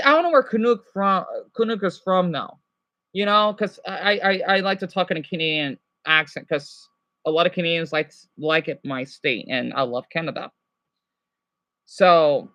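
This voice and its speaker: A man's voice: high-pitched, sharp tone. An American man chatting casually with live viewers, rambling with many restarts and fillers. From United States. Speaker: streamer.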